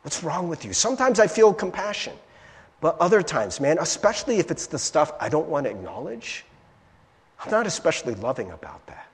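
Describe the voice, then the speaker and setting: A man whose voice is on the high side preaches briskly in a church sanctuary. As a pastor he stays animated and conversational, checking in with "right?" again and again, and the recording carries a large hall's long reverb.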